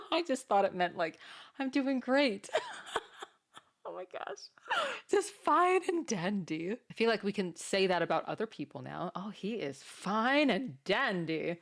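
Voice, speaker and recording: Giggly woman reacting to comedy. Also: fairly low pitch. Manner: giggly, amused, chatty. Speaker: reaction video host. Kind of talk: casual reaction commentary.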